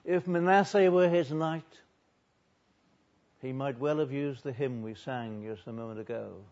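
A man preaching a sermon earnestly, building loud on repeated lists and then dropping low and quiet. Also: normal speed, lo-fi sound.

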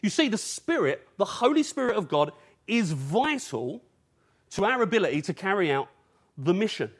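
A man's voice: high-pitched, very animated, moderate pace, slightly rough. A man from England preaching an evening sermon in an earnest, urgent way, using rhetorical questions.

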